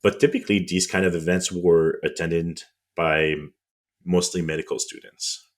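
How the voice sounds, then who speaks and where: A man's voice: low voice, flat delivery, moderate pace. A man with a French accent, a podcast co-host explaining history in casual chat, with frequent ums and restarts on tricky words.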